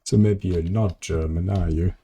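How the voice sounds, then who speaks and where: A man's voice: deep voice, steady tone, moderate pace, dark tone, husky. A tired man chatting casually on a live stream as he plays, rambling and answering his viewers' messages. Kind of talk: casual live-stream chat while gaming.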